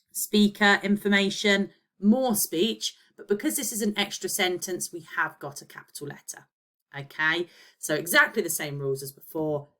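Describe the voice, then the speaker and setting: A woman's voice: medium pitch, fairly bright tone. A woman teacher giving a recorded lesson, explaining step by step and checking in with her pupils. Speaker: primary school teacher.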